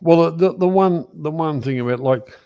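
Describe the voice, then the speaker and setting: A man hosting a casual chat, teasing his guest and talking in halting restarts. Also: on the high side, dark tone, clean tone, dull audio. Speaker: host.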